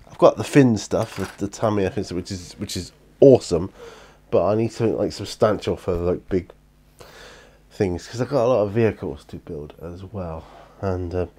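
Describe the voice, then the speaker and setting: Tired british guy chatting in his hobby room, deep voice, lots of ums and restarts. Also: a little mellow. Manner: rambling, chatty, with many fillers and restarts. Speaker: hobby vlogger. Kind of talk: casual chat.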